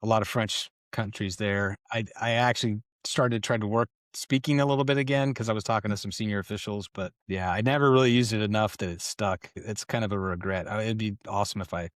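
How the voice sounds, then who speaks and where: A middle-aged man, a podcast guest, telling relaxed, casual stories and swearing now and then. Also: on the low side, fairly quick, few pauses, dry recording, studio quality. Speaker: guest, retired Special Forces colonel. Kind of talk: casual conversational storytelling. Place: podcast studio.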